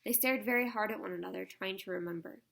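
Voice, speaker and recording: A woman narrating a children's storybook aloud in a soft, measured way. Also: mid-range voice, gravelly. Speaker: audiobook narrator.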